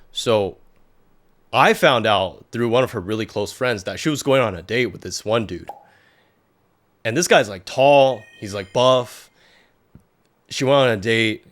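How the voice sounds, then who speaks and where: A young man with a somewhat low voice tells a story from his past as a podcast guest. He talks loosely and rambles, packing his sentences with fillers and false starts. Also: animated, measured pace, long pauses. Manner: rambling, heavy on filler words and restarts. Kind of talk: casual storytelling.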